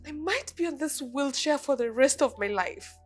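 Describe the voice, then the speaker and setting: A woman's voice: high-pitched, animated, normal speed, faint music behind. An actress with a Nigerian accent playing a bitter young woman in a wheelchair who snaps at her driver. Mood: sulky. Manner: haughty, snapping. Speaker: boss in a wheelchair.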